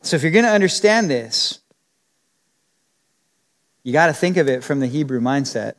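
This expository sermon comes from a man with an expressive, slightly high voice who moves at a moderate pace through the Bible verse by verse. Speaking conversationally, he voices each quote differently, and the recording carries a long hall reverb.

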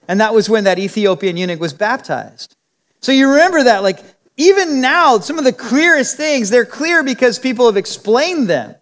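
A man with a strikingly high voice preaches a verse-by-verse Bible teaching, chatty and animated, acting out the lines of the people he quotes. His pitch swings widely, and a long reverb from the hall trails every phrase. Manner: conversational, acts out quotes with shifting voices. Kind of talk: expository Bible teaching sermon.

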